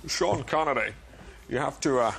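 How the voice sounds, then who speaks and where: A man's voice: medium pitch, expressive, normal speed, creaky, a crowd in the background, voice pushed up. A young man putting on exaggerated impressions of famous older British men on a TV chat show. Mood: mocking. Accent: Scottish put-on. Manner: mimicking, exaggerated, mocking. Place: TV studio.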